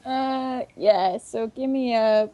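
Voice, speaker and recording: Eine Frau leitet als Spielleiterin ein Tischrollenspiel und beschreibt die Szenen ausführlich und amüsiert. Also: female voice, on the high side, warm tone, lo-fi sound. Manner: descriptive, amused, drawn-out narration. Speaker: game master. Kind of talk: narrating a tabletop game.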